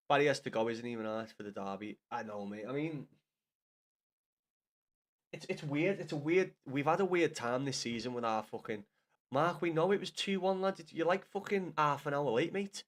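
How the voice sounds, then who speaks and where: A man's voice: a little high, moderate pace, fairly bright tone. A man streaming live, rambling and swearing, laughing a lot and talking to viewers by name. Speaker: livestreamer. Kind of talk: casual live stream chat.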